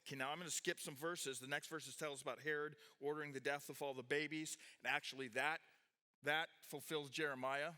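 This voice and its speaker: Teaching a youth group, a pastor preaches a sermon by reading from the Bible, explaining it with a map, and asking his listeners questions. He's animated and restarts often, speaking fairly quickly in a voice on the high side.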